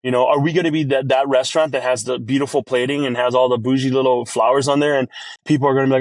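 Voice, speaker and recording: A man who owns a restaurant, talking as a podcast guest in an energetic, rambling way and acting out his own quoted lines. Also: medium pitch, fast talker, dry recording. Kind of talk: casual podcast interview.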